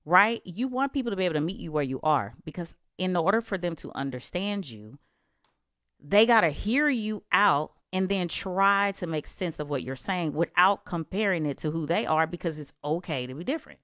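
Woman, low voice, dry close sound, casual advice talk, emphatic, rhetorical questions. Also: animated, normal speed, fairly bright tone, no echo.

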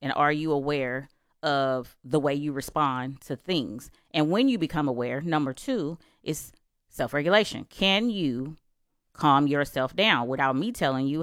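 A woman's voice: sits low, animated, normal speed, fairly bright tone, no echo, studio quality. A woman giving casual advice on relationships in a talk, emphatic and conversational, often asking rhetorical questions.

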